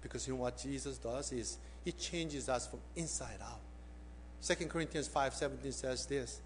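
A male pastor preaching a sermon. He tells a story and puts direct questions to his listeners, swinging between emphatic peaks and hushed appeals. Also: mid-range voice, moderate pace, a little hiss or hum.

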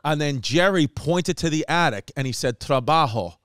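A man hosting a comedy podcast, telling a rambling story with animated, profane energy. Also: a little high, moderate pace, clean tone. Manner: animated, profane, slips into mock voices and Spanish phrases. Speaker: podcast host.

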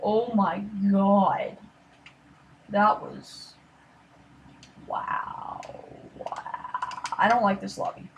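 A woman giving casual commentary over her gameplay, rambling and apologetic, sometimes trailing into quiet mutters and then bursting out excitedly. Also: mid-range voice, extremely slow, long pauses, a little hiss or hum. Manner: excitable outbursts. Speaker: gaming commentator.

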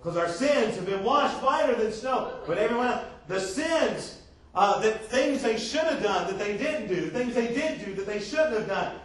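Brief: pastor, high-pitched man, distant mic in a reverberant church. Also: lively intonation, normal speed, a bit bright. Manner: call-and-response preaching, repeated "how many know". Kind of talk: sermon. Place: church sanctuary. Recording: echoey church room from far off.

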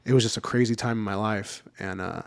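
A man's voice: fairly low pitch, fairly even intonation, a little fast, vocal fry, no room sound, studio quality. A man in his thirties talking candidly on a podcast, laid-back, with lots of fillers and the odd curse word. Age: 30s. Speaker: podcast regular. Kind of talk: casual podcast chat.

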